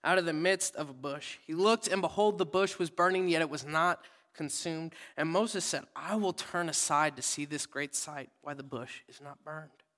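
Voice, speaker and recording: Casual young preacher in an echoing church. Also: male voice, a little high, normal speed, few pauses. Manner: casual, conversational preaching with sudden loud readings and soft whispered asides. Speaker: pastor. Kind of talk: sermon. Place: church sanctuary.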